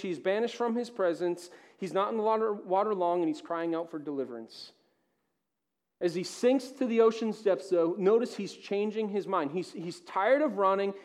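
A male pastor delivering a sermon, swinging between loud emphatic peaks and hushed, quiet passages. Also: high voice.

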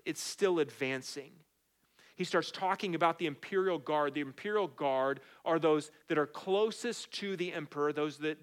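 A middle-aged man delivers a sermon in an easy, conversational way, slipping into personal anecdotes as he goes. His voice sits a touch higher than most men's. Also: a bit bright. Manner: conversational preaching with storytelling asides. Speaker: pastor.

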